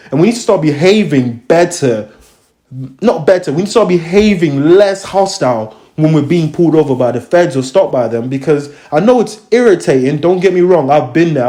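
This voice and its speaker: A young man with a London accent hosting a casual chat, telling stories in lively, slang-heavy street talk. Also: on the high side. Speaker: host. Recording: echoey room.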